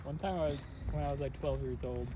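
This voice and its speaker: A man's voice: medium pitch, fairly even intonation, quick pace, mellow, a little hiss or hum. A young man in casual chat, easygoing and teasing, laughing along with his friend.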